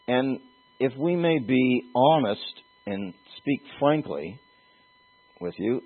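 Male pastor delivering a sermon; slow, husky, lowish voice, tinny phone-like recording. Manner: earnest, emphatic preaching with pauses and restarts.

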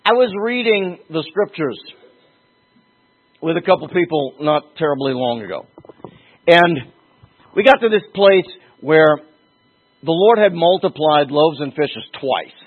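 A male preacher with a fairly high, husky voice delivers an emphatic sermon. He jumps up in pitch and drags out the words he wants to land. The sound is thin and tinny, like a phone line. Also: lively intonation. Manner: emphatic, with sudden pitch leaps and slowed stresses.

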